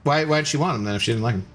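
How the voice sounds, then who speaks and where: A man's voice: medium pitch, fairly bright tone. A man streaming a video game, chatting casually with his chat, reading messages aloud and cursing at his own mistakes. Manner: chatty, reads chat aloud, swears when losing. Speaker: gaming streamer. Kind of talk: casual live-stream commentary.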